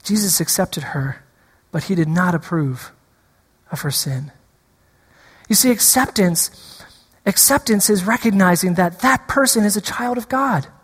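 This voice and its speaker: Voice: mid-range voice, lively intonation, measured pace, pauses often, slightly rough. Preacher echoing through a reverberant hall. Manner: repeats key lines for emphasis and engages the congregation. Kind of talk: sermon.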